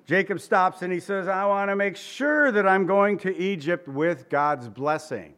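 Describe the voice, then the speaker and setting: A man's voice: sits high, expressive, measured pace, fairly bright tone. A man preaching a conversational sermon, asking his listeners questions and voicing quotes. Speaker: pastor.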